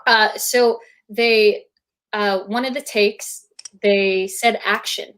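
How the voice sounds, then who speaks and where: A woman guest on a video-call interview, telling an animated anecdote and acting out quotes. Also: slow pace. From United States. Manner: animated, acts out quotes in high voices. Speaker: guest actor. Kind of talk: casual storytelling.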